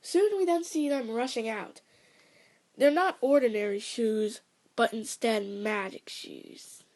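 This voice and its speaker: A woman's voice: on the high side, slow pace, a little mellow. A woman casually retelling a cartoon episode, rambling and self-correcting, with chatty asides. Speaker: storyteller.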